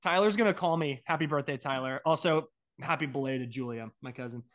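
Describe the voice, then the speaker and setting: A man's voice: medium pitch, brisk, a bit bright. A man co-hosting a casual podcast, teasing his friend with trivia and laughing often. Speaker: podcast co-host asking trivia. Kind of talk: casual chat.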